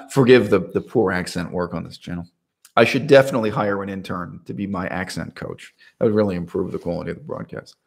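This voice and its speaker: Man, low voice, casual rambling monologue, self-interrupting. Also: brisk, creaky, husky. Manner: rambling, with restarts and asides. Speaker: video essayist.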